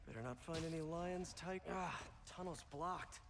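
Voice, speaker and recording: A man's voice: fairly high pitch, moderate pace, a bit bright, in a large hall, slight background noise. An actor voicing a young male superhero in a video game, making wry quips to himself as he goes.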